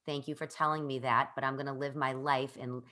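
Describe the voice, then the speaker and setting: Low-voiced bright woman host. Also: flat delivery, brisk. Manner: earnest, rambling with restarts. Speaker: podcast host. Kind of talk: conversational interview.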